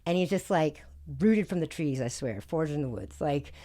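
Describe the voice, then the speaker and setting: A woman's voice: sits low, animated, moderate pace, warm tone. A woman from Alaska, a podcast guest telling her story in casual conversation. She talks animatedly, swears freely and keeps saying "like" and "you know what I mean".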